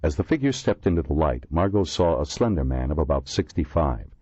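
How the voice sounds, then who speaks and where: A deep-voiced man narrating an audiobook with a lively, expressive pitch. The recording is dry and close, slightly dull and lo-fi. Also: breathy edge, dry recording. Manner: measured storytelling with many voices. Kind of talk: scripted narration.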